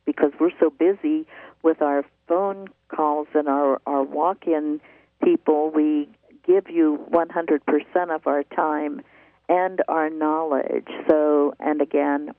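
A woman's voice: low-pitched, steady tone, slow, no echo. An older woman hosting a call-in herbal health radio show, telling her story earnestly and repeating words for emphasis. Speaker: herbal shop owner and radio show host. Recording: tinny phone-like radio line.

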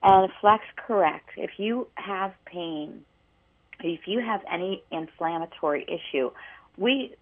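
Low-pitched woman radio co-host, animated storyteller, heard over a thin phone-like line. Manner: animated storyteller, many restarts. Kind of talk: casual radio chat, storytelling. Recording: tinny phone-line sound.

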